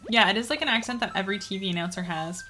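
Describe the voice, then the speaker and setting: A woman's voice: mid-range voice, racing, pushed and bright, soft background music. A Canadian woman streaming a game, chatting casually in a rambling way with lots of fillers and easy laughs. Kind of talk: casual gaming stream chat.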